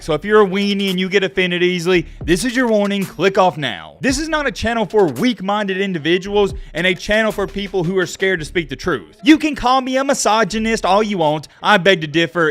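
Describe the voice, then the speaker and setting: A young man hosting his own channel, ranting brashly and provocatively straight to camera. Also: fairly bright tone. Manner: brash and provocative, mocking women in a high whiny voice. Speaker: YouTube channel host.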